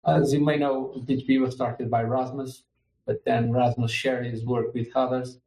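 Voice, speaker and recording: Fifty-something guy hosting a podcast, warm dark voice, sounds roomy and echoey. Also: medium pitch, level tone, moderate pace. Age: 50s. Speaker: podcast host. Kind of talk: casual podcast chat.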